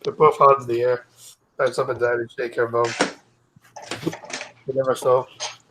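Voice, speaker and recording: A Scottish man hosting a live stream, reading news stories aloud casually, stumbling over words and clearing his throat. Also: mid-range voice, level tone, unhurried, sharp tone, a little hiss or hum, low-quality recording.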